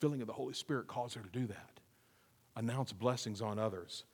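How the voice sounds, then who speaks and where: A man preaching a sermon as pastor, reading scripture and swinging from hushed asides to loud, emphatic repeated lines. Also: mid-range voice, a little fast, slightly rough. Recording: long reverb of a large room.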